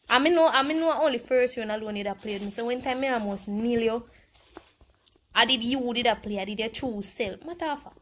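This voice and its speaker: A woman with a Jamaican accent commenting live on her game, excitable and teasing her opponent. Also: on the high side, a little fast, a little hiss or hum. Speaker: game streamer.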